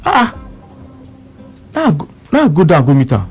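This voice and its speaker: A man's voice: on the high side, huge pitch swings, moderate pace, slightly rough, soft background music. A man speaking with a Nigerian Pidgin accent, telling a story on radio with emphatic repeats and quoted back-and-forth. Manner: emphatic, repeats words, quotes both sides of an argument.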